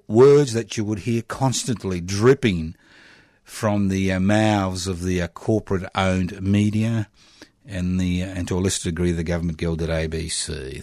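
Deep-voiced sardonic Australian male radio host. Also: a little mellow, no room sound, studio quality. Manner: sardonic, chuckling, emphatic with long pauses. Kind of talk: political commentary on community radio.

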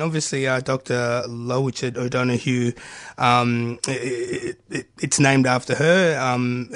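A man hosts a radio show in a dry studio. He speaks at a medium pitch and in a hesitant way, stumbling over words and filling gaps with ums. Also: no echo. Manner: hesitant, many fillers and restarts. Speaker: radio host. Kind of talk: community radio presenting.

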